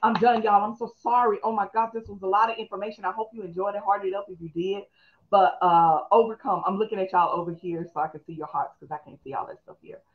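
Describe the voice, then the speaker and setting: A middle-aged woman pastor, teaching fast in a live-streamed talk and calling on her listeners to respond. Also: mid-range voice, lo-fi sound. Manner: fast, call-and-response, preacherly.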